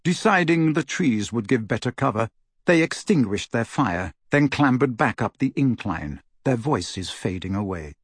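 Here a man reads an audiobook with expressive storytelling, his voice medium in pitch and slightly rough. He keeps a moderate pace, and the studio-quality audio has no echo.

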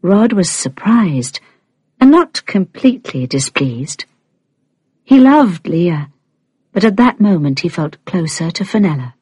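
Woman reading a book aloud, slow and lively, kinda husky, dry close sound. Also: on the low side, no room sound. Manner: calm, unhurried storytelling. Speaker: audiobook reader. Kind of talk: scripted narration.

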